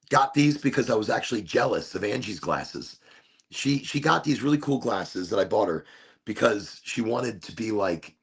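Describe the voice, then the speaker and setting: Gravelly, husky man rambling playfully. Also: on the low side. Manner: rambling, playful, self-amused. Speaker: podcast host. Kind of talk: casual stoned monologue.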